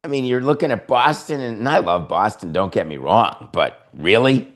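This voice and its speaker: Sarcastic, low-voiced male sports talk host. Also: moderate pace. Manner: sarcastic, opinionated, animated. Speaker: podcast host.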